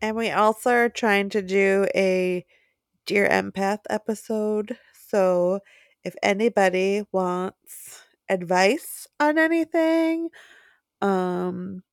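A woman's voice: mid-range voice, slow pace, clean tone, dry recording, studio quality. A woman co-hosting a casual podcast chat, giggly and rambling, pressing her points with emphasis. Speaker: podcast co-host.

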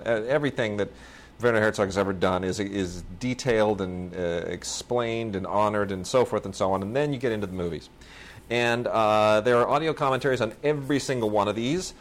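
A man co-hosting a podcast, rambling enthusiastically and with some self-mockery about a film collection. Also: on the low side. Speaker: podcast co-host. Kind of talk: casual chat about home video releases.

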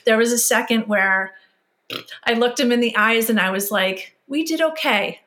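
A woman's voice: fairly high pitch, fairly even intonation, moderate pace. A middle-aged woman hosting a podcast, chatty and emotional as she shares stories about her kids. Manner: warm-hearted, emotional, chatty. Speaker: podcast host. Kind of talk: conversational interview.

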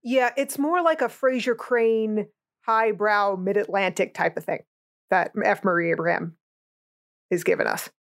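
A woman's voice: mid-range voice, a little slow. A woman co-hosting a podcast in casual chat, outspoken and blunt in her opinions. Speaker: podcast co-host.

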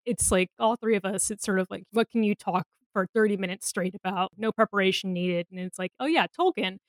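A woman's voice: medium pitch, flat delivery, brisk, no room sound. Giggly, playful woman co-host. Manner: giggly, warm-hearted, playful. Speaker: podcast co-host. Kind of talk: casual podcast chat.

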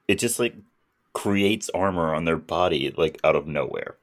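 A man's voice: low voice, moderate pace. A man co-hosting a podcast, casually recapping a movie's plot and acting out its characters' lines. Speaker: podcast co-host.

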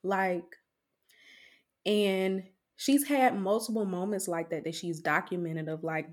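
A woman's voice: lowish voice, steady tone, slow. A woman hosts a casual discussion. She talks in a reflective, conversational way, often restarting her sentences. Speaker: podcast host.

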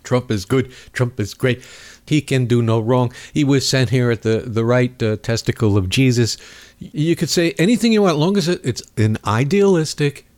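A man's voice: medium pitch, normal speed, darkish tone. A man hosting a talk radio show, talking in a rambling, sarcastic way with mocking asides. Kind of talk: casual political talk radio monologue. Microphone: studio microphone.

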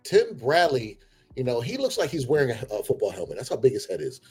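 A man hosting casual sports talk, opinionated and animated, breaking into heated outbursts. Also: mid-range voice, fast talker, slightly rough, faint music behind. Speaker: combat sports commentator.

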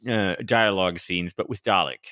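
A man co-hosting a podcast in casual chat, animated and quick to laugh, acting out quotes in a high voice. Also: dry recording. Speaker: podcast co-host.

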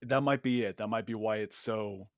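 Man, podcast panelist: lowish voice, tentative and hedging, dry close sound. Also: moderate pace, dry recording. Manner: tentative and hedging, talks his ideas through. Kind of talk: casual chat.

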